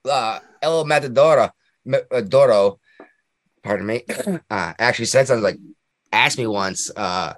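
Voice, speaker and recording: A man's voice: medium pitch, normal speed, pauses often, no echo. A man hosting a podcast in casual chat, rambling, laughing often and ranting with strong opinions. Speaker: podcast host.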